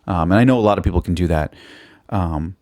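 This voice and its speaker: Solo podcast host, male, lowish voice, dry booth sound; loose, foul-mouthed, self-deprecating comic rambling. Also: fairly quick, darkish tone, no echo. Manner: rambling, profane and self-mocking. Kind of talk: casual comedic monologue.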